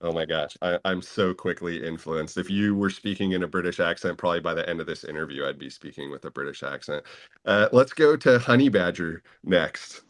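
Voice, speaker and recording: A man's voice: sits low, brisk, no room sound, clean studio sound. A man co-hosting who talks in a chatty, laughing way. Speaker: co-host. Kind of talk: casual conversation.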